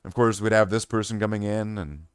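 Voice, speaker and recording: A man streaming who tells a story in a casual, animated way, swearing and restarting his sentences. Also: lowish voice, brisk, clean tone, no echo, clean studio sound.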